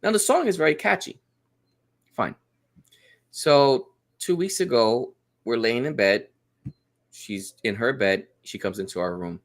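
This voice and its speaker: A man's voice: lowish voice, moderate pace. A man telling a family story in casual podcast chat, acting out the quotes. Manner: animated storyteller, acts out quotes. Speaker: guest.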